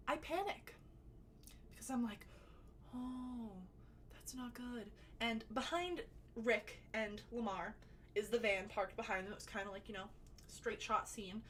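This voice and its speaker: A woman telling a personal story to camera in a chatty, animated way, with sudden loud bursts and some swearing. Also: on the high side, slight background noise. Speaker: storytelling vlogger. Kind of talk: casual storytime.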